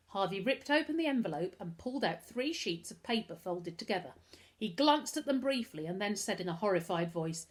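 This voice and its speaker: A woman reads a children's chapter book aloud, animated and expressive. Her voice is on the low side and she reads a little fast.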